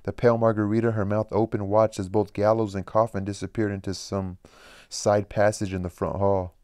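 Man, audiobook reader, smooth low voice, flat steady delivery, dry close recording. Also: a little fast, no echo. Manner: plain steady reading with occasional slips and rereads. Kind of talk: reading a novel aloud.

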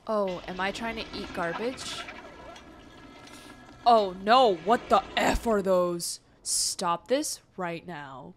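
A young woman plays through a game on her gaming channel, easily startled and full of gasps and exclamations as she talks to both the game and her chat. Her medium-pitched voice moves slowly, and the background is noisy.

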